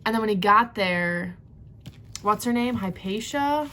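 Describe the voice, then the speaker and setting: A woman giving a casual reading vlog reaction, excitable and rambling, gasping and squealing at plot twists. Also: mid-range voice, measured pace. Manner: rambling recap with many fillers. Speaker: book vlogger.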